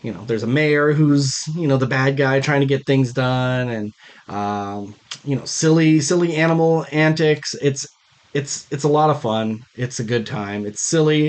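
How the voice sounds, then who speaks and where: A man's voice: mid-range voice, darkish tone. A young man co-hosting a podcast, giving blunt, wry opinions and movie recaps in casual chat. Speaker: podcast co-host.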